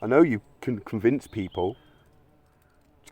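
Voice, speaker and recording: A man's voice: fairly low pitch, lively intonation, unhurried, long pauses, dark tone, dry recording. A man giving a blunt, argumentative monologue, swearing often. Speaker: channel host. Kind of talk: opinionated monologue.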